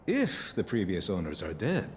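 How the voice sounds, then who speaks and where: Wry philosophical spacer, low voice, lively pitch swings, game dialogue, faint hum behind. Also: male voice, normal speed. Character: calm poetic man, a wry spacer. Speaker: game character.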